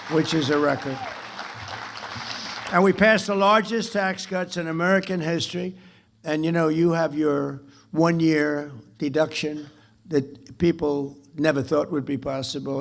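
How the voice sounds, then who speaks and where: A man with a slightly raised pitch talks at a club dinner. His voice has a gravelly edge. He rambles off-script, repeats phrases and boasts as he goes. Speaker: dinner speaker. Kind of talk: off-the-cuff political speech.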